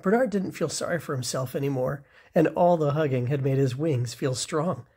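A reader reading a children's picture book aloud, slow and expressive. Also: mid-range voice, slightly rough. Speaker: storybook reader. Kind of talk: children's story read-aloud.

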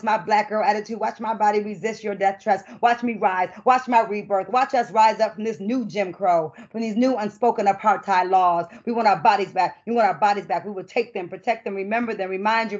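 A middle-aged woman poet who performs spoken-word poetry and talks about her work in an expressive, emphatic way. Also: medium pitch. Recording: dull lo-fi recording.

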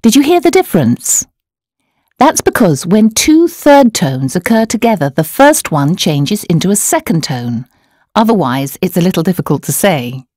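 A woman narrating a scripted language course, explaining words and tones in a clear, measured way. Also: on the low side, very animated, darkish tone, dry recording. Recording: dry studio voice-over.

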